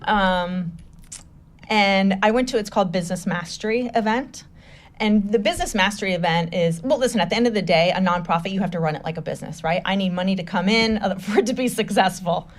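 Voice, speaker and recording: A woman, a nonprofit founder being interviewed, tells stories in a lively way and acts out the voices of people she quotes. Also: medium pitch, brisk. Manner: animated, acts out quoted voices, laughs often. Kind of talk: casual interview storytelling.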